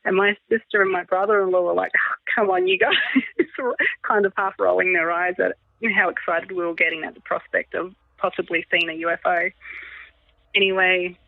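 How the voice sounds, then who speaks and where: A woman in her thirties, a podcast guest telling a personal story in an animated way, laughing often. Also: fairly low pitch, moderate pace, creaky, dry recording. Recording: tinny phone-like line, dry.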